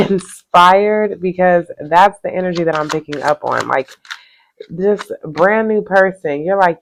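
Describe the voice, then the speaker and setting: A woman's voice: fairly low pitch, poor audio. A woman giving a tarot reading to her viewers, effusive and encouraging, with casual slang. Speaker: tarot reader.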